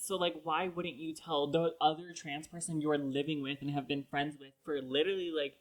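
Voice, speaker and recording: A woman's voice: sits low, fairly quick, few pauses, rough recording. A young woman co-hosting a podcast, retelling a story in casual chat with dramatic, rambling flair. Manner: dramatic, rambling, says "literally" and "like" often. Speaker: podcast co-host.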